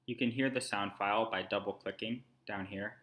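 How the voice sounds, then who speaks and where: A man with a low, bright voice talks through a screen-recorded tutorial. He explains calmly, one step at a time, as a language instructor would. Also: moderate pace.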